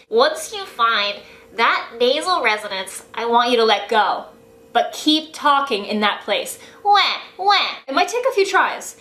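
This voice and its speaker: A woman's voice: a little high, a bit bright. A woman vocal coach giving a singing lesson in an upbeat, chatty way, breaking into sung sounds as she explains. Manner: upbeat, chatty, demonstrates sounds mid-sentence. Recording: roomy echo.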